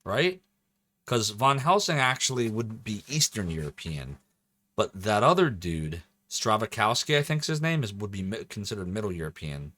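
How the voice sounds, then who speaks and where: Chatty low-voiced man streaming a game. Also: very animated, moderate pace, bright, forceful tone, no room sound. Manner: chatty, thinks aloud, jokey. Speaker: streamer playing a video game. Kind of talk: casual live-stream commentary.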